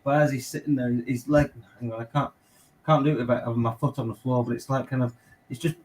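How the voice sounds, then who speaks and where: A man's voice: medium pitch, fairly even intonation, quick pace, darkish tone, slight background noise, poor audio. A man telling a story in a casual chat, swearing and filling his speech with "like". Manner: swearing storyteller, many fillers. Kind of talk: casual chat among friends.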